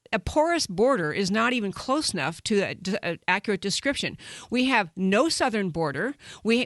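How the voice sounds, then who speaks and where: A woman's voice: fairly high pitch, a bit bright, no room sound, studio quality. Emphatic woman hosting political commentary. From United States. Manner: emphatic, indignant, repeats points for emphasis. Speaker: political talk show host.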